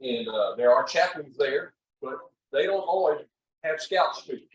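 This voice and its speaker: A man's voice: fairly high pitch, expressive, measured pace, recorded from a distance. Older man rambling folksy in echoey room. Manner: rambling, folksy storytelling with many uh's. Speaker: chaplain leader. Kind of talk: training session talk. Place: meeting room with an audience.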